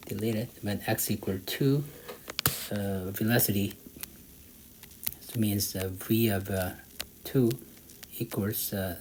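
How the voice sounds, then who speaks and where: Slow, halting man tutoring math. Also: fairly low pitch. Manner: halting, many fillers, thinks aloud while using a calculator. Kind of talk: walking through an exam problem. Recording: faint background noise.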